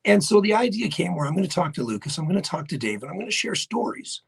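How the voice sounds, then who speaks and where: A man with a Newfoundland accent hosting a live radio show, hoarse and raspy from laryngitis, chatting casually and greeting viewers by name. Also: high-pitched, very animated, fast. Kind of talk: casual live-stream chat. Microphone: webcam setup for live video.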